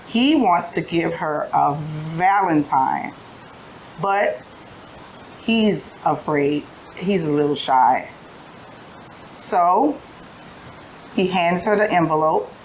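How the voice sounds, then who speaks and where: Woman, preschool phonics teacher, tired, very slow and patient, lowish voice, faint background hiss. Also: a little mellow, poor audio. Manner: slow, patient sing-song storytelling with letter sounds. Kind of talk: phonics lesson for young children.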